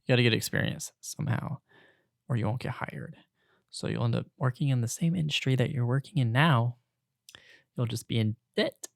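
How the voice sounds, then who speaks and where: A young man hosting his own podcast, ranting casually about retail work and college. He swings between loud outbursts and hushed asides. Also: mid-range voice, fairly quick, vocal fry, no echo, clean studio sound. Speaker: podcast host.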